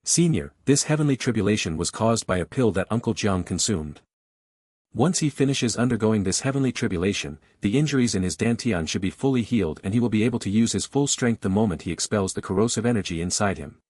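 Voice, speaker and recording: A man voicing a calm, respectful young male cultivator in a dry recording. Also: on the low side, fast talker, dry recording.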